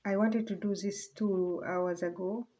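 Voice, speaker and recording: Brief: woman vlogger, mellow soft voice, halting and rambling, slips to near whispers. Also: medium pitch, steady tone, dull audio. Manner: halting, rambling, many fillers and restarts. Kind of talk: casual personal vlog monologue.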